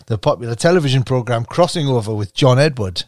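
A man's voice: medium pitch, animated, a little mellow, no echo, studio quality. A man co-hosting a casual comedy podcast, riffing and joking. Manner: riffing, quick to put on silly voices. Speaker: podcast co-host.

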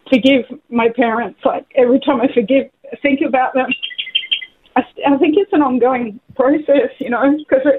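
A middle-aged woman calling in to a radio show, sharing a personal story in an emotional, halting, heartfelt way. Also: high voice. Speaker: caller. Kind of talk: phone-in testimony. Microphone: phone. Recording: tinny phone line with faint noise.

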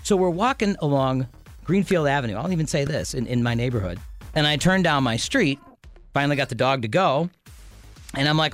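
A man's voice: fairly high pitch, lively intonation, brisk, faint music behind. A man co-hosting a morning radio show, telling a story in casual banter and often stopping to restart his sentences. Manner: rambling storyteller, self-interrupting.

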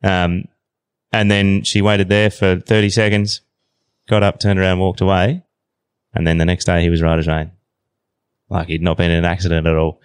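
A man in his thirties with an Australian accent, telling a story as a podcast guest in a relaxed, slangy way. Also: low-pitched, moderate pace, long pauses, smooth, no echo, clean studio sound. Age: 30s. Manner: relaxed yarn-spinning, slangy. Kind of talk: casual storytelling.

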